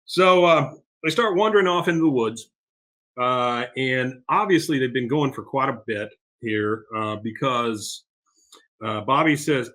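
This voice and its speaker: A man co-hosting a podcast, recapping an episode in casual, animated chat. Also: medium pitch, a little slow. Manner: animated, acts out quotes. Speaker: podcast co-host.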